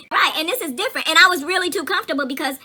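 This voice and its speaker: Bright-voiced, animated woman chatting. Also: extremely high pitch, quick pace. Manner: profane, animated storyteller. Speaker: host. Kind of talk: casual chat.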